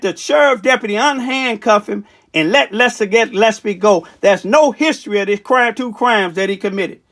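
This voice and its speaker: A local political commentator with a high, somewhat bright voice delivers an impassioned live rant to his viewers. He repeats himself and addresses them as y'all.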